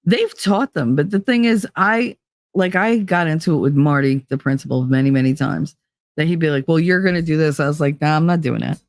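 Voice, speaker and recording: A middle-aged woman, telling stories on a podcast in an animated, blunt way, swearing freely and acting out dialogue. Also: low voice, a little fast, dry recording, clean studio sound. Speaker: podcast co-host, former teacher. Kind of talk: storytelling chat.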